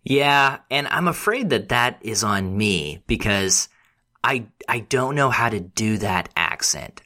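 A man's voice: on the low side, animated, takes it slowly, pushed and bright. A man co-hosting a film podcast, speaking in a thoughtful, hesitant way, with sighs. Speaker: podcast co-host. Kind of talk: casual podcast conversation.

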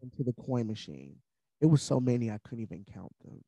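A man with a medium-pitched, sing-song voice speaks briskly, his tone creaky yet mellow, with no echo. He's a podcast guest sharing a personal story in an earnest, candid, conversational way, using fillers and showing moments of emotion.

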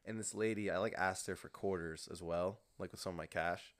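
A man's voice: deep voice, steady tone, brisk. A young man co-hosting a podcast in casual chat, rambling with many "like" fillers and laughing easily. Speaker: podcast co-host.

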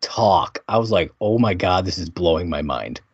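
Laid-back man with a lively low voice. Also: normal speed, breathy edge, no room sound, dull audio. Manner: laid-back, laughs often, joking. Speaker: podcast co-host. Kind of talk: casual chat recapping a TV show.

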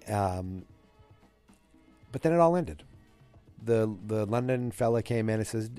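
A man's voice: on the low side, steady tone, moderate pace, dark tone, soft background music. A man casually recapping an episode, rambling with fillers and self-corrections. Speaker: show recap host.

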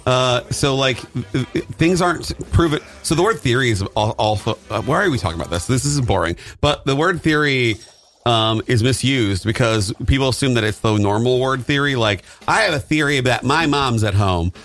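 A man's voice: medium pitch, animated, moderate pace, a bit bright. A man co-hosting a casual podcast chat, rambling with many restarts and laughing often. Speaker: podcast co-host.

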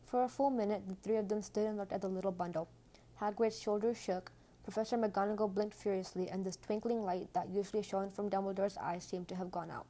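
Woman reading a storybook aloud gently. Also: medium pitch, steady tone, fairly quick. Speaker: audiobook reader. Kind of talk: storybook narration.

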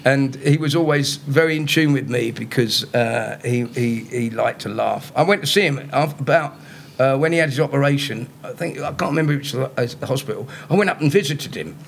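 Gravelly comedian telling stories. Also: male voice, medium pitch, fairly quick, slight background noise. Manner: animated, laughs through his own punchlines. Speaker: comedian guest. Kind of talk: anecdotal storytelling. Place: live podcast show in front of an audience.

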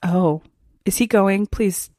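A young woman co-hosting a podcast, emphatic and excitable in casual chat. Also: mid-range voice, slow pace, dry recording, clean studio sound. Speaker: podcast co-host.

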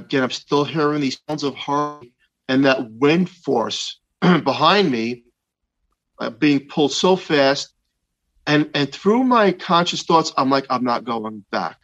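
A man in his fifties slowly and earnestly recounting a personal experience, with frequent pauses and restarts. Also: mid-range voice, fairly bright tone, lo-fi sound. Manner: slow, halting, earnest retelling with many restarts. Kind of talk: personal testimony of a near-death experience.

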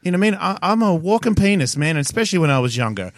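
A man's voice: high voice, big pitch swings, racing, no echo, clean studio sound. A man in his forties with an Australian accent, a podcast guest telling rambling stories in a blunt, profane way. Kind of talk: casual chat.

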